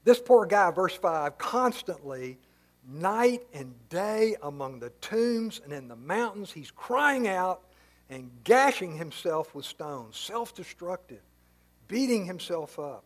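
A man's voice: high voice, very animated, slow. A male pastor giving a conversational Bible-teaching sermon, explaining the story casually with many asides.

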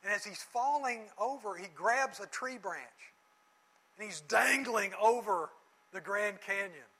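Bright-voiced high man teaching a sermon. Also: a little slow, poor audio. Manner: lively storytelling with voices and jokes. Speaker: Bible teacher. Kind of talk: sermon with stories and prayer.

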